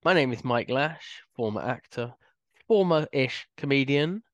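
A man's voice: mid-range voice, animated, a little slow, no echo. Man, 40s, podcast co-host; rambling, self-deprecating, dry studio sound. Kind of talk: casual podcast chat.

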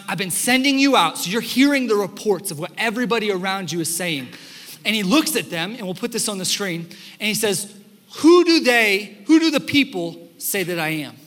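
A young man preaching a sermon as pastor, telling stories in an animated, conversational way with fillers, in a church sanctuary. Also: high-pitched. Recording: long hall reverb in a church.

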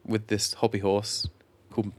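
A man's voice: lowish voice, monotone, normal speed, a little mellow. A man with an English accent co-hosting a podcast, chatting casually with many fillers and restarts. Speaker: podcast co-host. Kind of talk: casual chat.

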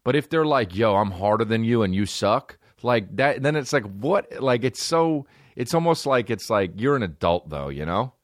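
A man with a low voice holds forth on his podcast in a loose, profane, rambling rant, breaking into mock rap rhymes. His pitch leaps and dips all over the place. The sound is dry and close, with no room echo. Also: sing-song, normal speed, hardly any pauses. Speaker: podcast host. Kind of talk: casual comedic rant.

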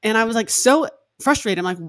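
A woman's voice: fairly high pitch, animated, a little fast, no room sound, studio quality. A woman in her twenties hosting a podcast, chatting casually and candidly, with "like" filling many of her sentences. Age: 20s. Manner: candid, heavy use of "like" as filler. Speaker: podcast host. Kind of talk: casual chat.

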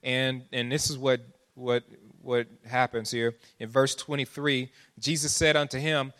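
A man's voice: medium pitch, level tone, unhurried, fairly bright tone. A man preaching a sermon as pastor, drawing listeners in with questions and building to pleading emphasis. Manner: preaching with rising, pleading intensity and call-and-response asides.

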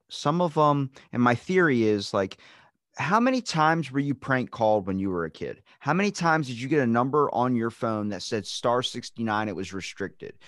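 A man's voice: mid-range voice, a bit bright, no room sound, studio quality. A man hosting a podcast in casual chat, rambling onto tangents and swearing freely. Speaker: podcast host.

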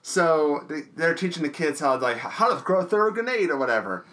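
A man co-hosting a casual podcast, recapping movies in a rambling way, full of "like" and frequent throat-clearing. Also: fairly high pitch, lively intonation, fairly quick, fairly bright tone. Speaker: podcast co-host. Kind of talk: casual movie review chat.

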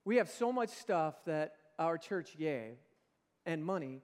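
A man's voice: a little high, animated, slow pace. A man preaching a sermon as pastor, emphatic, swelling and easing in force. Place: church sanctuary. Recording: long reverb of a large church hall.

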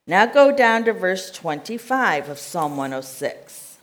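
A woman's voice: fairly low pitch, big pitch swings, slow pace. An American woman preaching a sermon, reading scripture aloud and checking in with her listeners in a conversational way.

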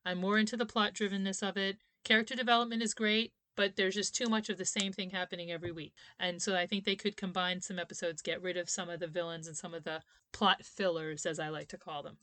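A woman's voice: lowish voice, fairly even intonation, quick pace, few pauses, pushed and bright, dry recording. A woman in her thirties co-hosting a casual podcast chat, chatty and opinionated, laughing often. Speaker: podcast co-host.

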